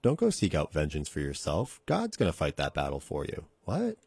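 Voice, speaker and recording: A man's voice: rumbling low, wildly swooping pitch, brisk, vocal fry, darkish tone, breathy edge, no echo. A man hosting a radio podcast, preaching in an earnest, conversational way and repeating phrases for emphasis. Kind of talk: casual radio sermon. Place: radio studio.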